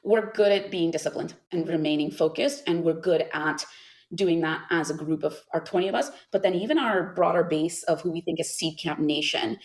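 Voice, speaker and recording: A middle-aged woman answering interview questions as a venture investor, animated, with lots of fillers and asides. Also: low-pitched, low-quality recording. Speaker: venture capital investor guest.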